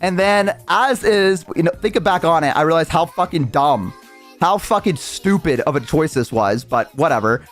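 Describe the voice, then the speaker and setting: A man's voice: a little high, expressive, normal speed, soft background music. A young man streamer telling a story casually, rambling and swearing with lots of restarts.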